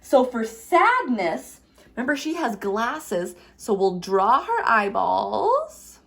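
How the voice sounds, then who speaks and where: A young woman gently teaching children a craft, playful and asking them questions as she draws. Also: on the high side, big pitch swings, takes it slowly, vocal fry. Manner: warm, playful, asks kids questions.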